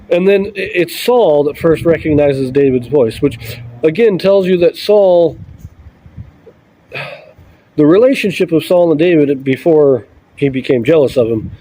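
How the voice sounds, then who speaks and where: A man reading scripture aloud and commenting on it in a relaxed, conversational way with easygoing asides. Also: a little high, a little slow, rough recording.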